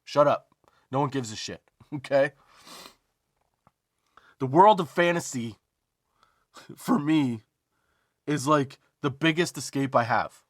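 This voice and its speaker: A man hosting a comedy podcast, telling a story as a profane, emphatic rant, drawn-out emphasis and rhetorical asides like "okay?". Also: medium pitch, a bit bright, dry recording, studio quality. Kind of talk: comedic ranting monologue.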